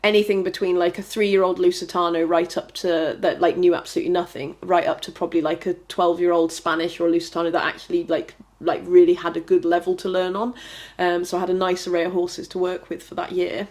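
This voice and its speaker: A woman's voice: on the low side, little pitch movement, quick pace, darkish tone. A woman guest telling her story in a casual interview, chatty and rambling, with many fillers and restarts. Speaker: trick rider, podcast guest.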